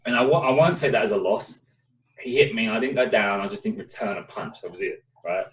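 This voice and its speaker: A man's voice: lowish voice, fairly quick, distant mic. A young man, co-hosting a casual chat show and telling a story with lots of swearing. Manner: swears a lot, animated storytelling. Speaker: podcast co-host. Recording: echoey room, away from the mic.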